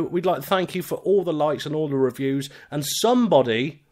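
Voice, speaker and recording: Bantering British podcast host, teasing. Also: male voice, a little high, brisk. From United Kingdom. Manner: lively, teasing banter reading out chat messages. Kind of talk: live podcast chat.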